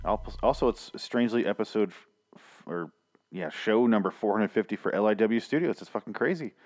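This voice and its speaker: A man with a somewhat low voice hosts a review podcast in a loose, casual way. He rambles, swears freely, and keeps restarting his sentences with fillers. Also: expressive, fairly quick, darkish tone. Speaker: podcast host reviewing a TV series. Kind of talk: casual chat.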